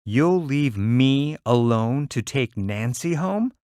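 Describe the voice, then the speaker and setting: A man's voice: medium pitch, expressive, takes it slowly, a little mellow, dry recording, studio quality, voice pushed up. A man reading aloud, voicing an anxious middle-aged mother who complains and reproaches. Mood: fretful. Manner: querulous, reproachful.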